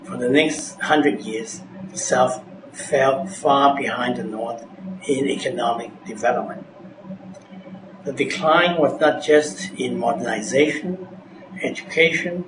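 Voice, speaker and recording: A man narrating a scripted vocabulary lesson as a teacher, reading in a measured, deliberate way. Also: medium pitch. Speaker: English teacher. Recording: echoey room with background noise.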